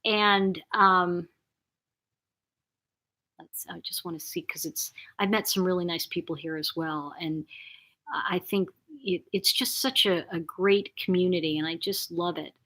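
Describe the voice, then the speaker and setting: A woman's voice: lowish voice, fairly even intonation, unhurried, fairly bright tone. A woman hosting a casual live-stream chat, talking effusively to her viewers and reading out their comments, with frequent restarts and fillers. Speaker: host of a live chat channel.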